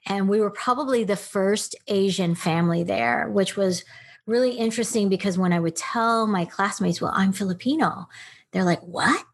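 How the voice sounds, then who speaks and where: A middle-aged actress from Texas chatting as a podcast guest, telling stories with lots of laughter and acted-out quotes. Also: female voice, mid-range voice, normal speed, creaky. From Texas, United States. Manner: animated storyteller, laughs often, acts out quotes. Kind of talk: casual interview chat.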